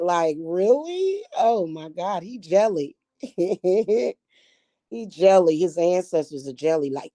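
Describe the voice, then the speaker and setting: A woman's voice: lowish voice, lively intonation, unhurried, warm tone, no room sound. A woman talking casually to camera, brash and profane, about witchcraft and spirit work. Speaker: spiritual reader and vlogger.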